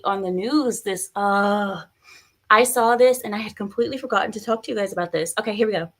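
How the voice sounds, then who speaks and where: A woman's voice: medium pitch, brisk. A woman doing casual live-stream commentary, chatty and opinionated, reading viewer comments aloud.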